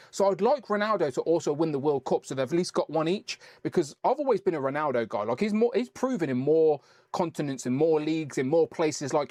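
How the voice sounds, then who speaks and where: A man's voice: a little high, a little mellow, no echo. A man hosting a casual live stream, chatting and rambling as he reads out viewer messages.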